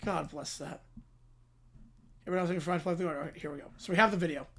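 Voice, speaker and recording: A man hosting a sports livestream, chatting casually with quiet, low-key asides. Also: fairly even intonation, racing. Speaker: livestream host.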